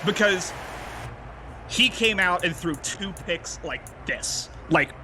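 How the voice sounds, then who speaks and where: Excitable young man calling game plays. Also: high voice, slow pace. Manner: excitable, bursts into loud shouts on big plays. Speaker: game commentator. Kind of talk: casual play-by-play commentary of a video game. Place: library. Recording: noisy background.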